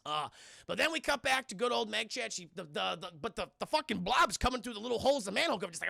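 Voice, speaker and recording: A man excitedly recapping a film scene by scene for his live chat, swearing freely and talking straight to the viewers. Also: sits high, fast talker, vocal fry, no room sound, studio quality. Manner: excitable, profane, keeps addressing chat. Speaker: streamer reviewing a film.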